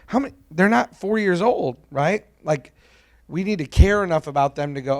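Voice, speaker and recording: A man's voice: a little high, fairly quick, darkish tone. A man speaking on a conference panel, earnest and somewhat preachy, posing rhetorical questions and answering them himself. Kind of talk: casual panel discussion.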